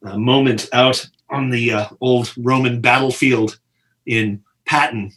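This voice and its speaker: In an interview, a middle-aged film director recounts behind-the-scenes anecdotes in a medium-pitched voice, going a little slowly. He brings the stories alive by acting out quoted people with exaggerated voices.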